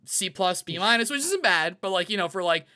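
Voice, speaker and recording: Bright, animated young man telling a story. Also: sits high, fairly quick. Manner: animated, quotes himself in lively acted-out asides. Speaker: panel guest. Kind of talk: casual personal storytelling.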